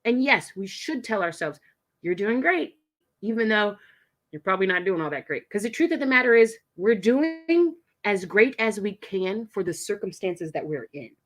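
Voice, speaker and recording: A woman guest giving an energetic, emphatic motivational pep talk. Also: medium pitch, normal speed. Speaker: guest coach.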